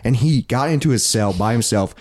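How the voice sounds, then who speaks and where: A man's voice: mid-range voice, lively intonation, brisk, a little mellow, no echo, clean studio sound. A young man co-hosting a podcast, telling a story in a rambling way, with lots of swearing and restarts. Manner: rambling, swears often, many likes and restarts. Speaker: podcast co-host. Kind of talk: casual chat, storytelling.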